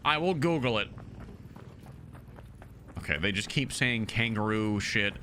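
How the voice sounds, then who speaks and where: A man's voice: fairly low pitch, lively intonation, unhurried, pushed and bright, a little hiss or hum. A young American man streaming live, chatting casually with his viewers, reading chat aloud in a brash, joking, profane way. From United States. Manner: reads and answers chat aloud. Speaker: game streamer.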